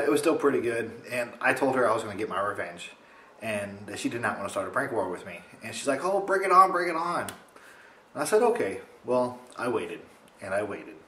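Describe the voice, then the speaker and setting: A young man casually telling a funny story to his camera at home, rambling and animated. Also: reverberant, a little hiss or hum. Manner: rambling, animated, mimics others in high voice. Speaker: vlogger. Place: home, indoors.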